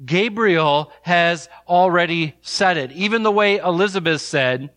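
Bright-voiced preacher man, emphatic. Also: unhurried, no room sound. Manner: emphatic, reads scripture aloud, rises and drops in pitch. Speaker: pastor. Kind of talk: expository sermon.

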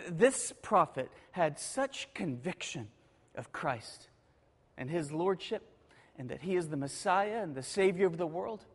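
Guy preaching in a big church, voice sits high, drops quiet then builds up loud. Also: animated, measured pace, breathy edge. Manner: preaching with swings between hushed and emphatic. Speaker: pastor. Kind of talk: sermon. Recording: long reverb of a large hall.

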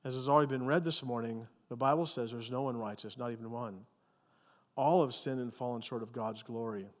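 A male pastor preaching a sermon with animated, emphatic storytelling. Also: mid-range voice, fairly quick, big-room sound.

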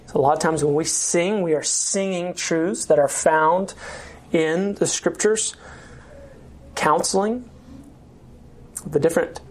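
Woman, church class teacher, low-ish voice, chatty, restarts often. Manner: conversational, with frequent fillers and restarts.

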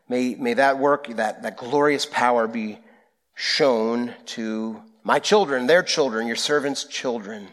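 A pastor preaching a sermon, speaking in an earnest, prayerful way with slow, deliberate phrasing. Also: male voice, mid-range voice, a bit bright.

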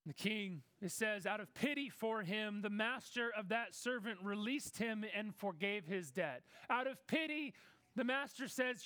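High-voiced man preaching a sermon. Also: pushed and bright, smooth, no echo. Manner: conversational preaching, acts out Bible characters in quick asides.

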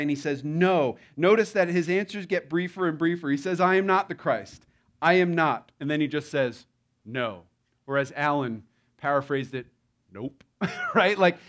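A man preaching a sermon in a conversational, playful way, often acting out the lines he quotes. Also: on the high side. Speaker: pastor.

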